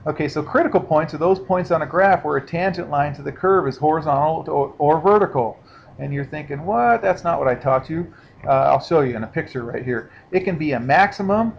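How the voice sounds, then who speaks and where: A man's voice: a little high, brisk, gravelly. A man teaching a math lesson in a casual, explanatory way, often checking in with his students. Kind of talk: recorded classroom lecture. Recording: dull lo-fi sound with faint hiss.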